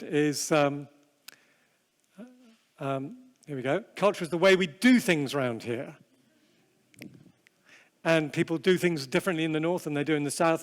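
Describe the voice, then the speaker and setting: A man's voice: fairly high pitch, in a large hall. A man giving a humorous, self-deprecating seminar talk, telling stories with frequent restarts and fillers. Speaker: seminar speaker. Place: large hall with long reverb.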